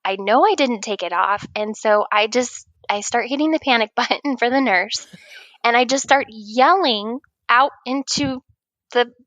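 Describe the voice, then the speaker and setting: A woman in her thirties telling a funny personal story in casual chat, laughing often and acting out her own yelling. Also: a little high, no echo. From Oregon. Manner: animated, laughing, acts out her own shouting. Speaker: guest writer.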